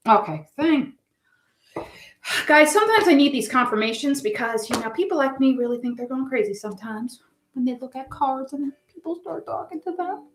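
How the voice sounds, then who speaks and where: A woman's voice: high-pitched, lively intonation, moderate pace. A woman giving a live tarot reading, chatting in a rambling, emotional, effusive way. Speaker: tarot reader. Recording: echoey room.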